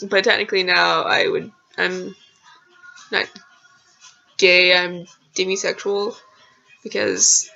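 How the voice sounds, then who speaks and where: A woman's voice: lowish voice, sing-song, slow pace, gravelly, long pauses, sharp tone, faint music behind. A young woman vlogger rambling through embarrassing personal stories, full of fillers and casual swearing. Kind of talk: casual storytelling. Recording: lo-fi dull sound.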